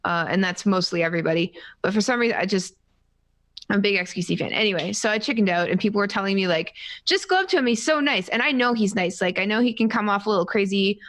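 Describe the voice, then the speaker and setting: A young woman from Canada chats casually on a podcast, rambling through a story and poking fun at herself. She recorded up close in a dry room. Her voice sits at a middle pitch. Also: quick pace, a bit bright, no room sound. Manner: rambling, self-deprecating, acts out quotes. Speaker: podcast co-host.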